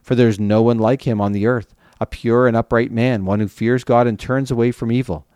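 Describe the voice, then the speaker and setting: A man reading the lines of God as a calm, commanding male figure, in a measured way. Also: mid-range voice, clear, resonant tone, no room sound, clean studio sound, natural voice. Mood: stern.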